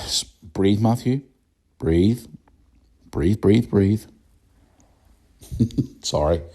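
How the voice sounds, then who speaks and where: A man's voice: mid-range voice, gravelly, mellow, breathy edge. A man with a Northern Irish accent hosting a podcast, ranting bluntly and swearing often in a casual monologue. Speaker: podcast host.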